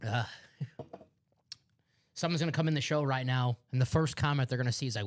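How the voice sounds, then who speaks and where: A man's voice: medium pitch, brisk, pauses often. A man with a Chicago accent hosting a live memorabilia break stream, upbeat and joking as he hypes items. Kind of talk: live stream sales chat.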